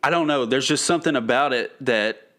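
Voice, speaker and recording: A man's voice: mid-range voice, brisk, fairly bright tone. A man co-hosting a podcast who chats about a film enthusiastically and laughs easily. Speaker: podcast co-host. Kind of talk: casual film review chat.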